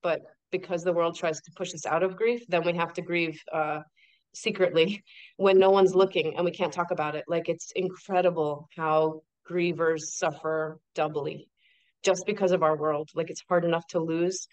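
A woman guest on a podcast talks in a slightly low voice. She sounds emphatic and animated, driving her points home with rhetorical questions. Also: normal speed. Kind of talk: casual interview chat.

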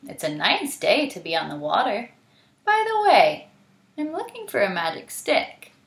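A woman's voice: medium pitch, very animated, moderate pace, gravelly, roomy sound. Woman doing a smug laid-back hyena man. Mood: breezy.

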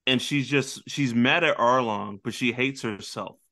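A man co-hosting a casual pop-culture podcast, retelling anime scenes with lively storytelling and acted-out character lines. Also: mid-range voice, a little slow. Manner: animated storytelling, acting out characters with big voice jumps. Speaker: podcast co-host.

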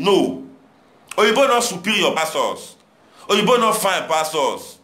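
Young Nigerian man, Pidgin accent, bright tone, exhortative monologue. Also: high-pitched, expressive, normal speed, roomy sound. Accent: Nigerian Pidgin English. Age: young adult. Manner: preachy, exhorting, repetitive rhetoric. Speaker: commentator addressing viewers. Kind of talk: impassioned monologue.

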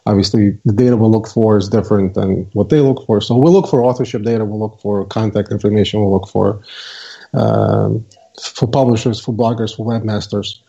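A man with a mellow, relaxed voice explains his views in a measured, hesitant way, full of small fillers. The audio is dull and lo-fi. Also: on the low side, vocal fry. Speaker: guest, software co-founder. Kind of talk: casual interview talk.

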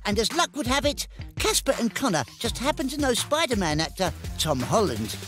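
A man's voice: sits high, big pitch swings, fairly quick, music in the background. A man with an English accent narrating a comedy clip show in a playful, scripted style. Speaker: host narrator.

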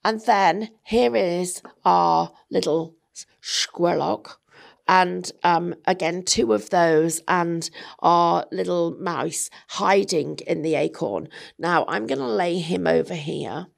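A woman's voice: on the low side, takes it slowly, vocal fry. A woman giving a chatty, jokey craft demonstration, often correcting herself as she goes. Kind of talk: casual product demonstration.

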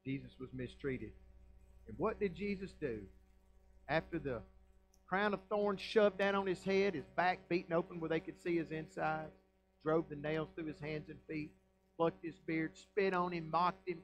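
A man's voice: on the high side, normal speed, pauses often, lo-fi sound. A man with a Southern American accent, a pastor preaching a folksy, emphatic sermon full of rhetorical questions. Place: church sanctuary.

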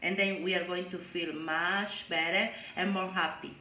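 A woman teacher giving a lesson to young children, talking in a slow, exaggerated, sing-song way. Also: lowish voice, steady tone, pushed and bright. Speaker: preschool teacher. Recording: echoey room with faint hum.

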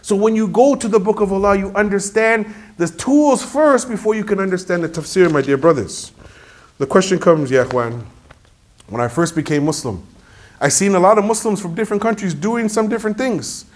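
A male preacher with a slightly higher voice delivers an emphatic, animated sermon. He tells stories and drops Arabic phrases into his English, addressing the congregation as brothers. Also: brisk.

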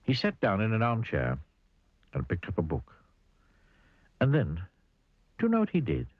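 A man reading a children's storybook aloud in an animated way, asking the listener questions. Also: lowish voice, moderate pace, dry recording, phone-quality sound. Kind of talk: storybook read-aloud narration.

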